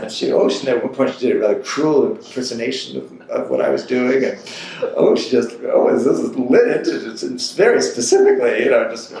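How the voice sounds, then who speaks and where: A man in his sixties being interviewed for an oral history, telling an anecdote with lively, acted-out quotes. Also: mid-range voice, brisk, creaky. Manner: animated anecdotal storyteller who acts out quotes. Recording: roomy echo with faint ambient noise.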